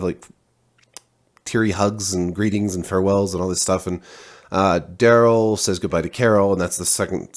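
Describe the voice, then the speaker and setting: A man, a parent, giving a casual spoken TV review, rambling with many restarts and fillers. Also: sits low.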